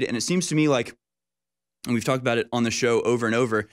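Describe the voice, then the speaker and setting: A man's voice: mid-range voice, quick pace. A man hosting a casual political conversation, speaking emphatically and often repeating his words.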